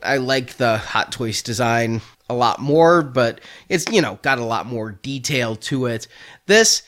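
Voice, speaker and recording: A man's voice: medium pitch, expressive, unhurried, a bit bright. A man hosting a casual chat about toy figures, chatty and joking, laughing often. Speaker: toy collecting podcast host.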